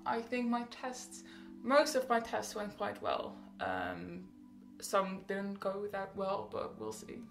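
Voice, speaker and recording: A woman's voice: medium pitch, steady tone, takes it slowly, creaky, few pauses, echoey room, faint music behind. A teenage girl chatting casually in a rambling, bubbly update vlog, often laughing and correcting herself. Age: teens. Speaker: vlogger.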